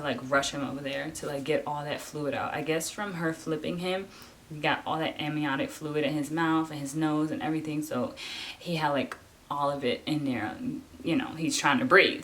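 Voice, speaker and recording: Animated young woman telling a story. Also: low-pitched, slight background noise. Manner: animated, acts out voices of nurses and husband; fills talk with "like". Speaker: vlogger. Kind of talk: casual storytelling to camera.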